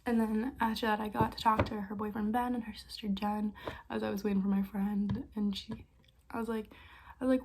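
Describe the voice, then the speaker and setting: A young woman vlogger telling stories in a casual, excitable way, with quick bursts and frequent laughs. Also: medium pitch, slight background noise. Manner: excitable, fast bursts, lots of likes and laughs. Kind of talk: casual storytime chat.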